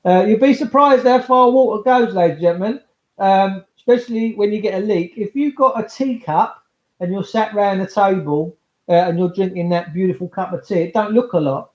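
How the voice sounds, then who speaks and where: A man's voice: sits high, moderate pace. A man, rambling chattily to viewers in a casual livestream monologue. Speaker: livestream host. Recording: roomy, slightly dull sound.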